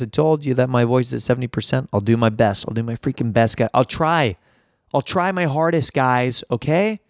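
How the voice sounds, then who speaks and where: A man's voice: mid-range voice, quick pace, no echo, studio quality. A young man with laryngitis hosting a solo comedy podcast, rambling in a jokey, self-deprecating way. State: hoarse with laryngitis. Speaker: podcast host.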